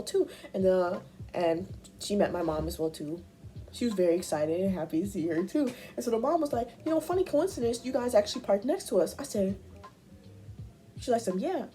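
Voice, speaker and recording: A young woman vlogging a casual life update, chatty, acting out her conversations in squeaky high voices. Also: dark tone. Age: young adult.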